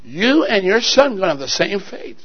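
A man's voice: sits high, very animated, normal speed, breathy edge, dull audio, full character voice. A male preacher voicing God's commands in a plain, firm tone. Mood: commanding. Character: God speaking as a stern commanding voice.

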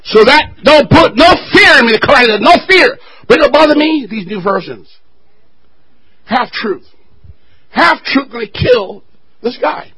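A male pastor preaching a fiery sermon with call-and-response, building to shouted refrains. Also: extremely high pitch, lively intonation, measured pace, long pauses, breathy edge, rough recording.

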